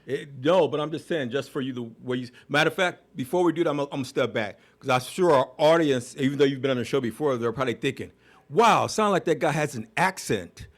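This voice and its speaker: A man's voice: mid-range voice, quick pace, few pauses. A man hosting an interview, chatty and playful, often repeating himself as he asks questions. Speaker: host.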